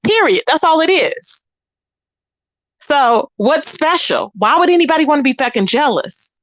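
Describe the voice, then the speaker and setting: A woman hosts a livestream and rants in profane, combative bursts, with a high voice that stays pointed and scornful. She turns to her viewers with drawn-out, sassy asides. The sound is dry and close, with no room echo. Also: animated, fairly bright tone. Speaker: livestream host. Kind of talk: ranting livestream commentary.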